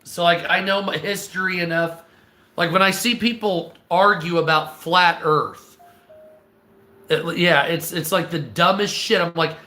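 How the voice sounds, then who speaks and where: A man ranting casually on a live stream, swearing often, stammering and clearing his throat. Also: high voice, steady tone, a little slow, sharp tone, roomy sound. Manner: profane, exasperated, restarts and stammers.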